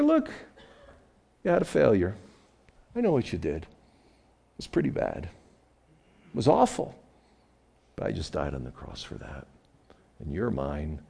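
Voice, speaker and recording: A man's voice: low-pitched, gravelly, dark tone, breathy edge, exaggerated voice. A man speaking as a firm, forgiving divine teacher.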